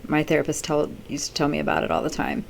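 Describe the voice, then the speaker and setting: A woman's voice: deep voice, big pitch swings, quick pace, gravelly, a little hiss or hum. A middle-aged woman vlogging in casual chat, rambling off the cuff with many fillers.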